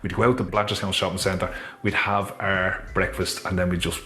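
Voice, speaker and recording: A man with a Dublin Irish accent telling a personal story to viewers in a chatty, animated vlog. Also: low voice, normal speed. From Ireland. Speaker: author and motivational storyteller.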